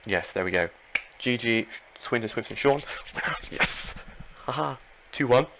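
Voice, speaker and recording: A man commenting live on his own Pokémon battle, excitable, talking to himself and his opponent and repeating phrases. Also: mid-range voice, measured pace, noisy background. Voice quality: gravelly.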